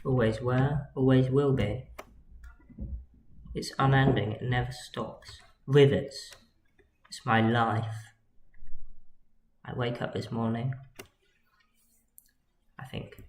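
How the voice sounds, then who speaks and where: A man's voice: mid-range voice, steady tone, slow, long pauses, darkish tone. A man giving casual livestream commentary as he models, rambling and joking and muttering to himself as he works. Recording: echoey room with faint noise. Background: keyboard and mouse clicks.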